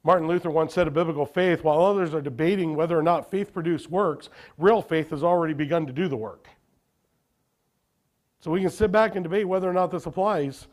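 High-voiced man preaching a sermon. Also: brisk. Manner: asks the congregation questions and answers them. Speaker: pastor.

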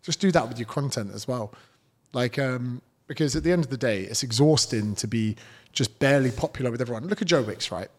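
A man's voice: mid-range voice, animated, fairly quick. A British man, a fitness trainer, telling stories as a guest in a casual podcast interview, blunt and swearing freely.

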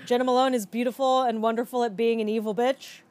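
A woman's voice: a little high, flat delivery, fast, a little mellow. A woman co-hosting a casual podcast chat, speaking frankly and swearing freely. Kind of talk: casual chat reviewing a film.

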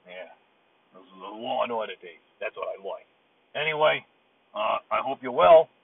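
A man's voice: on the low side, expressive, moderate pace, vocal fry, slightly rough, dry recording. A man from the Bronx, leaving an exasperated, swearing, rambling voicemail from his car in traffic over a tinny phone line. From Bronx, New York City. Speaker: voicemail caller. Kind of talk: ranting voicemail.

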